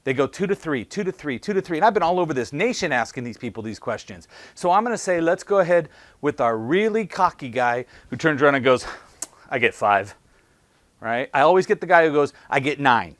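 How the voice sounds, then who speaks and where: Asking punchy rhetorical questions, a man gives a sales training talk and animatedly acts out both callers and salespeople. He talks fast in a slightly high voice, with no room sound.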